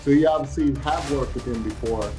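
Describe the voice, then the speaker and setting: A man's voice: mid-range voice, brisk, dark tone, faint music behind. A man with a Brooklyn accent hosting a casual, upbeat video-call interview, calling his guests brother. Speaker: interview host.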